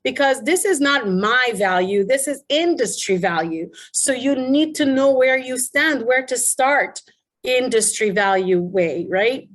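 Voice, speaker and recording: A woman's voice: high voice, animated, a little slow. A middle-aged woman coaching public speakers in an online presentation, telling stories animatedly and asking rhetorical questions.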